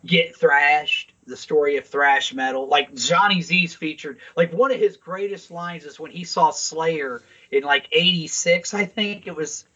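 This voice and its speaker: Bright, husky-voiced podcast host rambling. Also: male voice, on the high side, measured pace, few pauses, lo-fi sound. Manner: rambling and profane. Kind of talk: casual chat. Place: Saint Louis.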